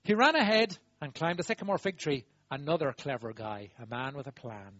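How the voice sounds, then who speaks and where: A man preaches in a lively, husky voice that rides up high and drops low. He talks emphatically, swinging from loud exclaiming to quiet asides. The recording is dull, lo-fi and dry. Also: a little fast, no echo. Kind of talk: sermon.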